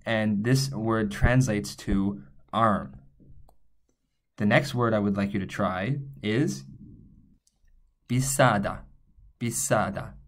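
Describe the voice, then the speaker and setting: Patient man explaining letters step by step. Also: on the low side. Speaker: Korean language teacher. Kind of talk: whiteboard writing lesson.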